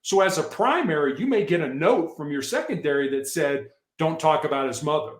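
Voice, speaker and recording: A man tells stories from his old work on a podcast, earnest and explanatory, often restarting his sentences. His voice sits fairly high. The room around him rings with a noticeable echo. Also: fairly quick. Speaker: podcast guest, former hostage negotiator. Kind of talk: casual interview storytelling. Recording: echoey room.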